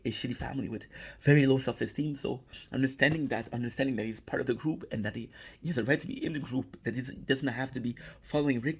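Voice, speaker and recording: Gravelly, husky young man recapping a show. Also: medium pitch. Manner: excitable, swears, repeats himself. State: emotional, near tears. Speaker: TV recap vlogger. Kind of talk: casual emotional episode recap.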